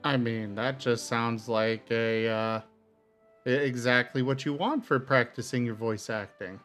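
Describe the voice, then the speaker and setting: A man chatting on a stream, easygoing and drawn out, speaking very slowly at a middling pitch. Faint music plays behind. He lets his words linger. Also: fairly even intonation, fairly bright tone. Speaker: guest streamer. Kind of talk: casual stream chat.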